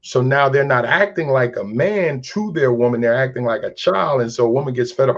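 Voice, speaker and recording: A man's voice: medium pitch, a little fast, few pauses, muffled recording. A man speaking in an interview as a crisis specialist and mentor, telling stories and preaching about feelings with acted-out quotes. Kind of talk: earnest interview talk.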